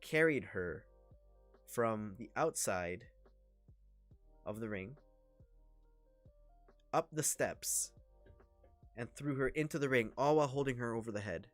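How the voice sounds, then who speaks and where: A man casually commenting on a wrestling match during a livestream, rambling and excitable, with plenty of fillers. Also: medium pitch, slow pace, pauses often, soft background music. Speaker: livestream host.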